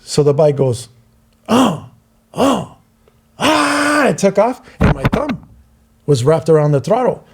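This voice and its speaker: Lively storytelling man, mellow voice. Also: on the high side, normal speed, husky. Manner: animated, acts out quoted voices. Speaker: podcast co-host. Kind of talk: casual storytelling.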